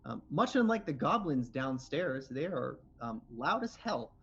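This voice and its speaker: A man's voice: medium pitch, a little slow, a little hiss or hum. Man running a tabletop game. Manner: relaxed, chatty, many fillers. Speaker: game master. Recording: slightly dull lo-fi audio.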